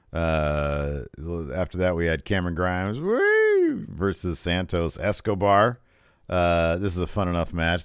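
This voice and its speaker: A man co-hosting a wrestling podcast in casual chat, lively and joking, often jumping up into a higher voice. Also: smooth, no room sound, clean studio sound.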